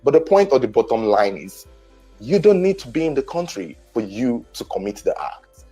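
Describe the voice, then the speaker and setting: A man's voice: mid-range voice, very animated, moderate pace, dark tone, husky, faint music behind, poor audio. A man giving casual, analytical commentary in a clip.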